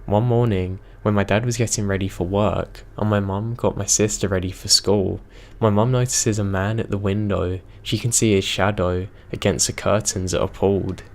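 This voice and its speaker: Steady and measured, a man with a fairly low pitch reads aloud scripted narrations of horror stories that readers submitted.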